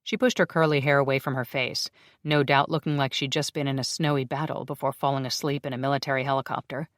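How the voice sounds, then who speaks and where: This is an audiobook narration of a paranormal romance, read in a steady, measured way at medium pitch with level delivery. The recording is close-miked, dry, and free of echo.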